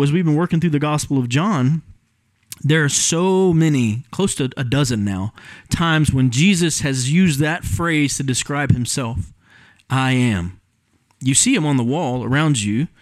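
The pastor here is a man whose voice sits a little high, captured with no echo as he preaches an expository sermon in a church sanctuary. He teaches the text earnestly, clarifying word meanings, and his delivery is thick with ums.

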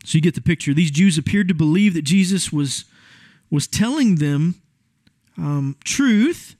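A man's voice: on the high side, animated, unhurried, darkish tone, dry recording. A man preaching a sermon in a conversational, emphatic way, with asides to his congregation. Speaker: pastor.

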